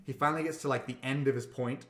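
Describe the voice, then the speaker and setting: Fast-talking man telling a story. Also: medium pitch, fairly even intonation, roomy sound. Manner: rambling, repeats words, acts out quotes. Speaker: podcast co-host. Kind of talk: casual storytelling chat.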